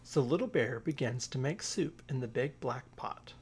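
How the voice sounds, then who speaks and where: A father reading a children's storybook aloud in a gentle, measured way. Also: medium pitch, expressive, husky.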